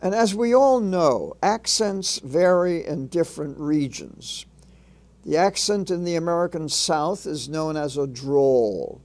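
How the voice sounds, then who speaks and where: A man narrating a phonics lesson in a measured instructional way, sounding out letters and sounds one by one. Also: a little high, expressive, darkish tone. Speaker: reading teacher.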